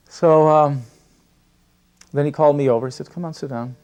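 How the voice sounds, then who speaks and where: Gravelly man telling lively anecdotes. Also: medium pitch, normal speed, long pauses. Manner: animated storyteller who acts out quoted dialogue and laughs. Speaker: devotee sharing memories. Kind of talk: storytelling interview.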